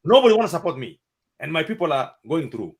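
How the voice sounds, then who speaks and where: A man's voice: on the high side, big pitch swings, fast. A man with a South Sudanese accent hosting a heated debate, talking with passion and repeating himself for emphasis.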